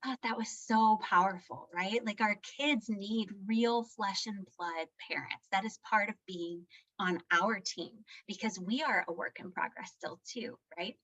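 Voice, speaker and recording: A woman leads a parenting talk in a relaxed, conversational way and keeps tagging her points with a quick "right?". She is candid and self-deprecating about her own slips. The recording sounds slightly dull and lo-fi, and her voice sits at a medium pitch. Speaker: parenting workshop presenter. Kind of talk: live presentation.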